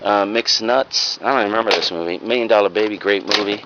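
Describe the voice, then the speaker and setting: A man's voice: lowish voice, quick pace. A man casually showing off his secondhand finds in a video, rambling and frank, with plenty of ums and uhs. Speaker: reseller vlogger. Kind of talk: casual show-and-tell haul video. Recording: lo-fi home video with clear background noise.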